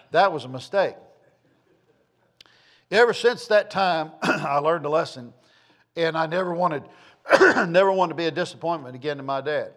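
A man preaching a sermon, a folksy, rambling storyteller who repeats phrases for emphasis. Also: fairly high pitch. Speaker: pastor.

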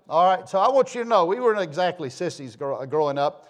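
A man's voice: sits high, sing-song, fast. Folksy middle-aged man telling a story. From southern United States. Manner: rambling, homespun, self-deprecating humor.

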